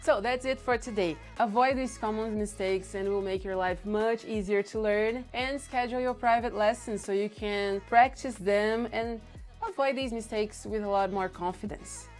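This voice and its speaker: A woman's voice: mid-range voice, steady tone, faint music behind. Brazilian woman teaching pronunciation. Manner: explains slowly, repeating example words. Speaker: Portuguese teacher. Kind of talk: language lesson.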